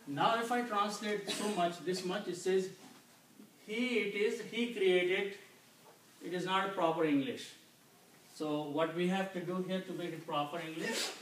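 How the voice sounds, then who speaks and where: A man teaching Quranic Arabic vocabulary, explaining each word slowly and patiently, often checking in with "Okay?". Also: high voice. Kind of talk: slow explanatory lesson. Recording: echoey room, mic at a distance, faint noise.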